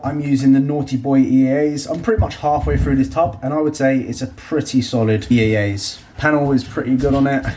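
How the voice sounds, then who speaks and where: A man, chatting casually at home as a fitness vlogger, cheeky and quick to swear. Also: medium pitch, a little mellow. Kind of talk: casual vlog chat.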